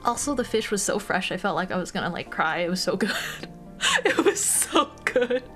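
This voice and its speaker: A woman's voice: mid-range voice, animated, normal speed, soft background music. A young American woman streaming casual chat, bubbly and giggly, with lots of fillers. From United States.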